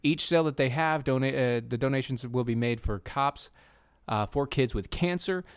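A man's voice: mid-range voice, normal speed, smooth, no room sound. A man hosting a casual political commentary podcast, sarcastic and rambling with many restarts. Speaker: podcast host.

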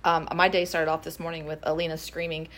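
A woman, co-hosting a casual chat with expressive, giggly storytelling. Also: low voice, fast talker. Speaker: co-host.

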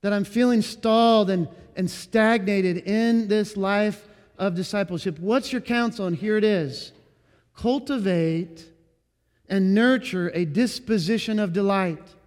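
A man delivers an earnest sermon as a pastor, his voice sitting high. He slows and presses on the words he wants to land. A long reverb from the hall trails behind him. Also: darkish tone. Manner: earnest preaching, slowing and rising on key words.

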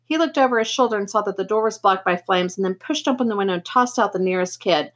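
A woman's voice: mid-range voice, fast. Woman reading a novel aloud. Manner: expressive reading with occasional slips and restarts. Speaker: teacher reading to students.

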